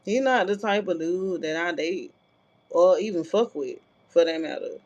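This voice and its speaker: A woman with a lowish, slightly mellow voice speaks at a moderate pace, telling a personal story vlog-style. She's casual, blunt, and profane, tossing in frequent filler asides. The recording sounds dull and lo-fi.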